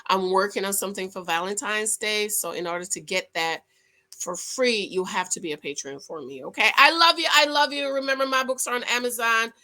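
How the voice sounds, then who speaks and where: A woman giving a sassy, animated recap of a reality TV episode, talking straight to her viewers. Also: mid-range voice, brisk. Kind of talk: casual recap commentary.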